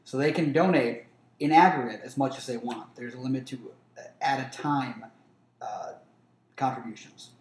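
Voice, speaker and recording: A man on a casual podcast who talks fast, laughs easily and stumbles over his words. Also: medium pitch, echoey room, low-quality recording. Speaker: podcast co-host.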